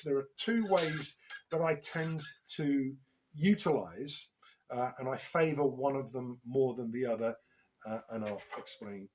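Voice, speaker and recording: Man, drum lesson, steady mid voice, methodical, pauses and fillers. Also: mid-range voice, a little hiss or hum, rough recording. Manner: measured, explanatory, with frequent filler "uh". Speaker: drum teacher.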